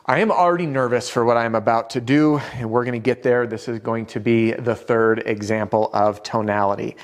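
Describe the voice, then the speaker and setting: A man's voice: medium pitch, steady tone, a little fast. A man teaching sales straight to camera. His delivery is upbeat and direct, and he drops in some self-deprecating humor. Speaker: sales trainer.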